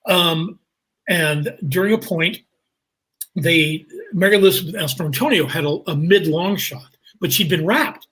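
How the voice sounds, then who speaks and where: Husky man telling lively stories. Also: on the high side, measured pace, rough recording. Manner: animated, jumps into voices, laughs through stories. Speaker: guest actor and comedian. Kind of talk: anecdotal storytelling.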